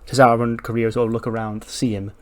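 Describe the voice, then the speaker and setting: A man's voice: mid-range voice, little pitch movement, fast. A man narrating a wrestling game in a casual, chatty way, recapping scenes and chuckling often. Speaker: video game commentator. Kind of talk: casual let's-play narration.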